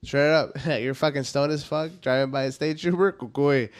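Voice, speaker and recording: A man telling profane, animated stories in casual podcast chat, acting out shrill quoted voices. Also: moderate pace. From South Texas. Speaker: comedian guest.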